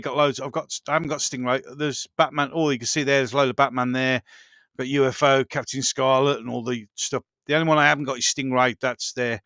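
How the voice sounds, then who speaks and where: A man's voice: mid-range voice, sharp tone, no room sound, clean studio sound. A man hosting a casual live chat, greeting viewers and reminiscing with enthusiasm, often repeating himself and laughing. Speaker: livestream host.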